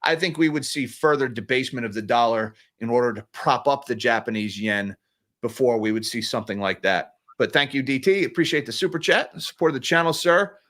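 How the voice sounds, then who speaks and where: On a casual economics livestream, a man reads out super chats, chuckling sarcastically and frequently restarting his sentences. His voice is mid-range and fairly bright, and he talks briskly.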